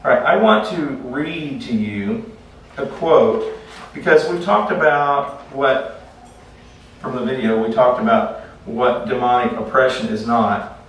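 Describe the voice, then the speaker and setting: A man teaching a class in a relaxed, conversational way, telling stories and often restarting his sentences. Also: medium pitch, measured pace. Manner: conversational, repeats words when restarting. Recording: echoey room, far from mic, faint noise.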